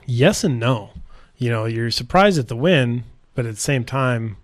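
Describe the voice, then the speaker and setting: A man from South Dakota, a bike race mechanic, spins his stories in a relaxed, easygoing way, dropping "like" and "dude" all through. His voice sits at an ordinary middle pitch. The sound is dry and close, with no room around it. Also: unhurried, dry recording. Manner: laid-back, heavy on "like" and "dude", animated retellings. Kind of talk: casual storytelling interview.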